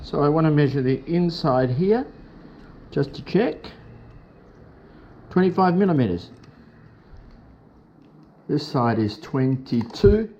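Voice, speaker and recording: A man's voice: fairly high pitch, very animated, takes it slowly, pauses often, warm tone, lo-fi sound, slight background noise. A man casually explaining a motorcycle job step by step in a chatty, upbeat way. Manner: chatty, upbeat, talks through each step. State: has hiccups. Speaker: motorcycle vlogger. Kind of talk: casual how-to talk.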